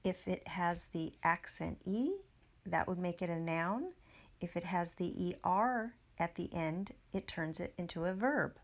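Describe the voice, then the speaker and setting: A woman spelling out ballet terms letter by letter and explaining their grammar in a calm voice. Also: fairly low pitch, measured pace.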